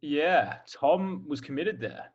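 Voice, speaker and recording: A man's voice: on the high side, slow, husky, dull audio. A young Australian man in his twenties, a college football player, chatting candidly as a podcast guest with lots of "like" fillers. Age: 20s. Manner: relaxed, candid, filler-heavy. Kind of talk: casual podcast interview.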